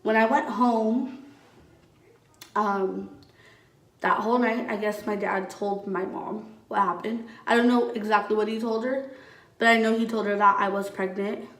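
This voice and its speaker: A woman's voice: medium pitch, steady tone, unhurried, a bit bright. A young adult woman vlogger telling her own story in casual, candid talk, swearing often and saying "like" a lot. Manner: candid and blunt, heavy use of "like" and swearing. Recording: echoey room, voice from a distance.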